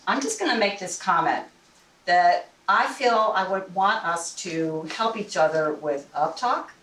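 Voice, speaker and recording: A woman's voice: fairly low pitch, expressive, a little slow, a bit bright. Woman delivering a club evaluation report, loose and chatty, recorded from across a roomy hall. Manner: conversational, with many restarts and fillers. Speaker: general evaluator and timer at a speaking club. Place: meeting room. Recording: roomy, distant mic with faint noise.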